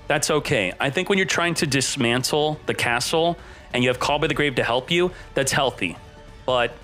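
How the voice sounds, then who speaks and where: Male streamer, bright forceful voice, mocking rants, faint music behind. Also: fairly high pitch. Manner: animated, mocking rants with sudden outbursts. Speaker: card game content creator. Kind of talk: banlist reaction commentary.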